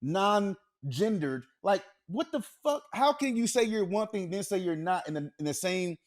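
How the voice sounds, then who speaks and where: A man co-hosting a podcast, chatting casually and telling stories in a profane, animated way. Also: high-pitched, moderate pace. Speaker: podcast co-host. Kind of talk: casual chat.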